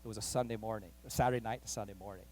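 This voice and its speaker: A man pastor telling a story in a sermon, animated and acting out the voices of the people in it. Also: fairly low pitch, rapid-fire, slight background noise. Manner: animated, acts out quoted voices, rising excitement. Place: church.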